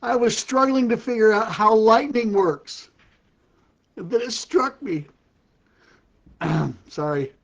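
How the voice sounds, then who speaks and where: A man's voice: sits high, takes it slowly, long pauses, dull audio. Older man chuckling through corny puns. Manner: keeps breaking into laughter at his own jokes. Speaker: ministry host. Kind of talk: casual live-stream pun telling. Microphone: live-stream setup.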